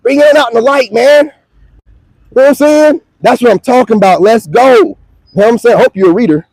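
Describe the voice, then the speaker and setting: A man's voice: very high-pitched, fairly quick, vocal fry, darkish tone, dry recording, poor audio. A young man ranting to the camera in a taunting, profane, mocking manner. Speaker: online video creator.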